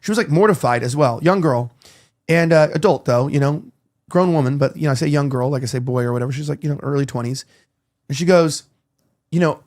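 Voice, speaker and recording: A male podcast host chatting casually, who rambles through his stories with plenty of restarts and filler. He acts out the voices of people he quotes, and his voice runs slightly high for a man. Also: a little fast, darkish tone. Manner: rambling storyteller, acting out quoted dialogue. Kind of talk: casual chat.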